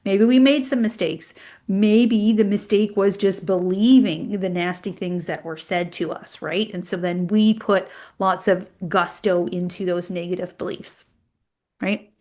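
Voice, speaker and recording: A woman's voice: medium pitch, fairly even intonation, unhurried, a little mellow. A woman hosting a motivational live Q&A in an encouraging, reassuring way. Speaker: host.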